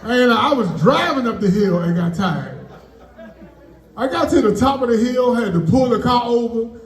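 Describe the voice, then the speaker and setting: High-voiced guy doing stand-up at a party, chatty and loose, echoey room, mic far off. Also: animated, moderate pace, some chatter behind. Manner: loose, conversational punchlines, frequent "man" tags. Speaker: stand-up comedian. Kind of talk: stand-up comedy storytelling. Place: birthday party venue.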